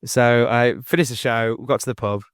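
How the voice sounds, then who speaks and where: His voice is smooth and a little fast, with no echo and studio quality. This English man in his 40s, a guest on a podcast, tells animated, rambling stories full of restarts, his pitch jumping up for the voices he quotes.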